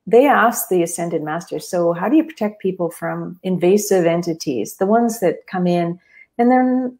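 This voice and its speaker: A woman's voice: on the low side, darkish tone. A woman co-hosting a radio talk, explaining at length in a rambling, thoughtful way with many fillers. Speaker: radio co-host. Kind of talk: casual radio chat.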